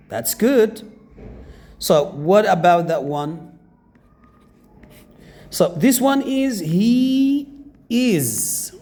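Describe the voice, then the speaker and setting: This man's high-pitched, slightly mellow voice swings widely in pitch as he teaches beginners English pronunciation. He has an Arabic accent, goes slowly, and drills each word by repeating it several times.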